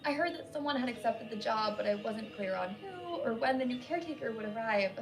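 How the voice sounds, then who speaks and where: A woman's voice: fairly high pitch, expressive, a little fast, over music, low-quality recording. A woman reading as a gushing, flustered thirties nurse. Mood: chatty. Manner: gushing, apologetic, nervous laughs.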